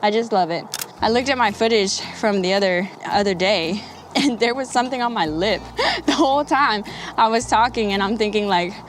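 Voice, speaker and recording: A woman's voice: medium pitch, normal speed, a little hiss or hum. A young woman vlogging straight to camera, talking candidly and rambling, swearing freely and laughing often. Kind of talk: candid casual talk to camera.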